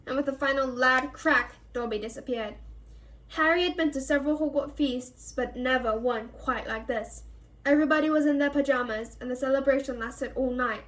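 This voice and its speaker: A woman reading a novel aloud for a reading club, expressive and giving each character a voice. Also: sits high, normal speed. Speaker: reader.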